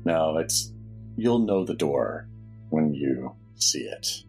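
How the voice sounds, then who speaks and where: A man voicing a mysterious male cop figure who speaks in a hushed, low, reassuring way in a tabletop game. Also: lively intonation, takes it slowly, soft background music, full character voice. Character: mysterious soft-spoken male spirit cop.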